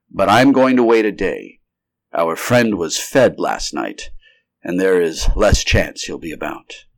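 A man reading the lines of a brisk, commanding male scientist who gives clipped, urgent orders in a storybook reading. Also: fairly low pitch.

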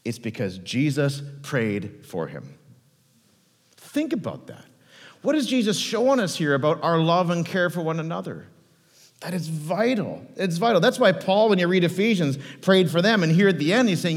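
A man preaching a Sunday sermon as pastor, animated and conversational, full of rhetorical questions. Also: high voice, moderate pace. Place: church hall. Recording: live church sermon with long hall reverb.

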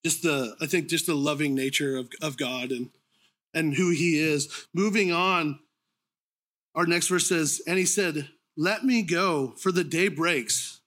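Bright-voiced man preaching casually. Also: fairly high pitch, unhurried. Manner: informal, conversational preaching with frequent ums and restarts; clears his throat now and then. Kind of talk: sermon.

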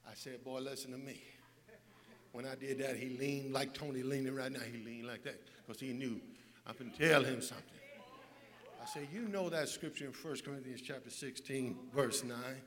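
A man preaching a sermon to a church, moving from hushed storytelling into shouted, sing-song preaching. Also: mid-range voice, steady tone, normal speed. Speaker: pastor. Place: church with congregation.

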